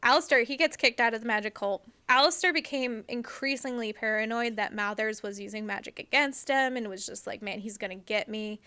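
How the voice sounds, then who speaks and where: A woman's voice: on the high side, brisk, hardly any pauses, smooth. A young woman co-hosting a podcast, telling a story in casual chat with lots of fillers and cheerful swearing. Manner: animated, profane, trails off with fillers like "like". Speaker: podcast co-host.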